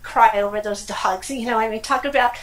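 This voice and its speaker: A middle-aged woman from California with a high voice tells her own story in an interview. She talks in a lively, animated way, with frequent laughs and exclamations. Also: fairly quick, slight background noise, poor audio. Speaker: guest. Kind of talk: casual personal storytelling.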